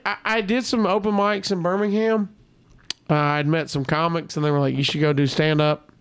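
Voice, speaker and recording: A man's voice: a little high, smooth. A man, a comedian guest, telling stories in casual podcast chat and acting out the people he quotes. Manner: animated storyteller, acts out quotes.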